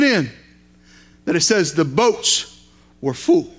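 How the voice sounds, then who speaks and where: A man's voice: extremely high pitch, big pitch swings, measured pace, pauses often. A man, a lay preacher, delivering a sermon with folksy asides and repeated, building phrases.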